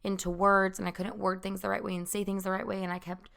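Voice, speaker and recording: A young woman hosting a casual chat podcast with a raspy, hoarse voice, talking loud and rambling. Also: mid-range voice, flat delivery, quick pace. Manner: chatty, rambling, talks loud. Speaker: podcast host.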